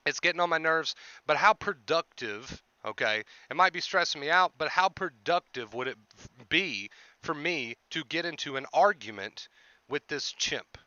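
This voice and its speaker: A man coaching on anxiety in an earnest explanatory monologue, piling up rhetorical questions and tagging "right?", and clearing his throat now and then. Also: on the high side, sharp tone, dry recording, lo-fi sound. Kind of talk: explanatory self-help monologue.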